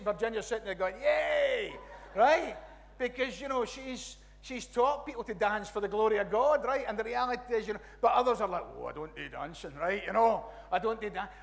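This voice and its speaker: High-voiced Scottish preacher in a reverberant church. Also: male voice. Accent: West Coast Scottish. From Scotland. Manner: animated, rambling with restarts and "you know, right?" asides. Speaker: pastor. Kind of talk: conversational sermon.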